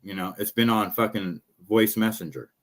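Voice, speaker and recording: Host, male, lowish voice, rants bluntly and swears a lot, hoarse from talking. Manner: blunt, profane, fast-talking. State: losing his voice. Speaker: show host. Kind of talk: casual ranting commentary.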